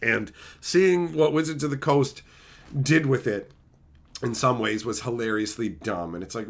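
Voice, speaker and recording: A man's voice: medium pitch, measured pace. A man live-streaming, chatting casually with viewers in joking, profane banter and reading their messages aloud. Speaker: streamer opening card packs.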